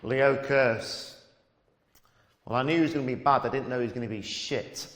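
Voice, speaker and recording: A man's voice: mid-range voice, steady tone, normal speed, a bit bright. A man compering on stage, closing an act with dry, apologetic put-downs. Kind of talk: stage announcement. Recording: echoey room with long reverb.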